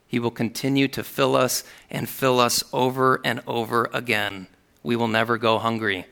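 A man's voice: medium pitch, steady tone, measured pace, vocal fry, fairly bright tone, clean tone. A man preaching a sermon, reading scripture aloud with earnest emphasis.

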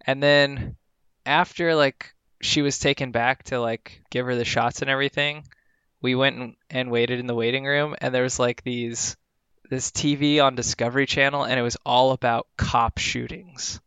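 A man's voice: mid-range voice, fairly even intonation, moderate pace, a bit bright, smooth, dry recording. A man in casual chat, telling a rambling story with lots of filler words.

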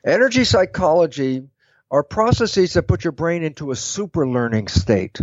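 A man with a somewhat high voice explains his ideas in an interview. He talks in a lively way and acts out both sides of little imagined exchanges. The sound is dry and a little dull. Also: moderate pace, no room sound. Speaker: guest speaker. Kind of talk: animated explanatory interview talk.

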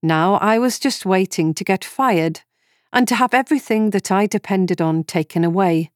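A woman in her forties reading a first-person story in calm, measured scripted narration. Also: medium pitch, dry recording, studio quality. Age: 40s.

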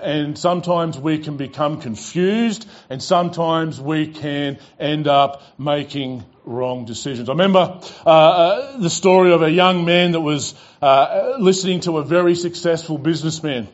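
A man's voice: on the high side, normal speed, hardly any pauses, dull audio. A man preaching a sermon as pastor, telling stories with casual fillers and repeated "he goes.".

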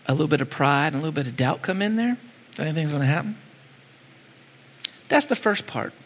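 Animated high-voiced male preacher. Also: long reverb tail. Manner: animated, conversational, rhetorical questions. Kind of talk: sermon.

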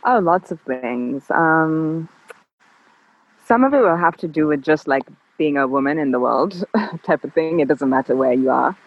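A woman guest on an interview, talking in a calm, level, measured way. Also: low-pitched, dry recording. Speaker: podcast guest. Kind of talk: casual interview chat. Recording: dull lo-fi dry sound.

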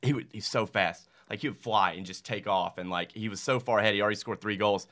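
A fairly low-pitched, slightly bright male voice that talks fast. He's a podcast guest in his thirties from Mississippi, USA, chatting casually and earnestly in a rambling way, leaning heavily on fillers like "like."

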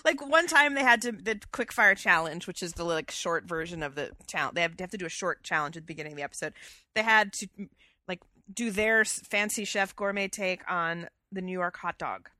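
A woman co-hosting a podcast in casual, animated chat, laughing easily and filling gaps with ums. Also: fairly low pitch, a little fast, dry recording, studio quality. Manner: chatty and animated, laughs easily, many fillers. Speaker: podcast co-host.

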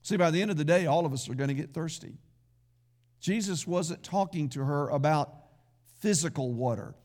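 A man's voice: a little high, normal speed, darkish tone. A man pastor preaching a sermon in a folksy, conversational way, with asides to the congregation.

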